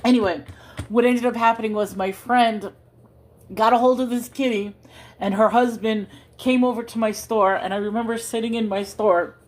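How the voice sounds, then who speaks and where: A woman's voice: fairly high pitch, fairly even intonation, moderate pace, a little mellow. A woman hosting a casual livestream from home into her phone, rambling to viewers and chatting to her cat. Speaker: livestream host.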